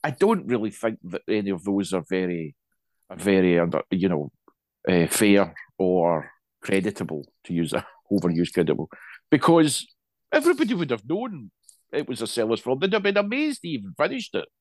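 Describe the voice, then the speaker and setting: A man's voice: lowish voice, sing-song, normal speed, no echo. A man co-hosting a casual chat, rambling with many restarts and asides. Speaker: podcast co-host.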